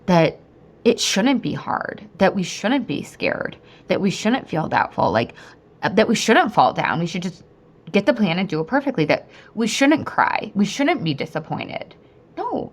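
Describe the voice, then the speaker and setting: A woman in her thirties hosting a solo podcast, chatty and upbeat, with lots of fillers and sudden high excited bursts. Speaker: podcast host and weight-loss coach. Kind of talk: solo podcast pep talk.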